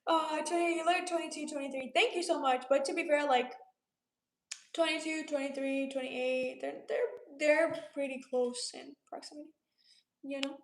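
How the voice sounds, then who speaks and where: Late-20s woman from Romania, livestream host, high-pitched and relaxed, roomy echo. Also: normal speed, slight background noise. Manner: laid-back, chatty, reads comments aloud and answers them. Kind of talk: casual livestream chat reading viewer comments.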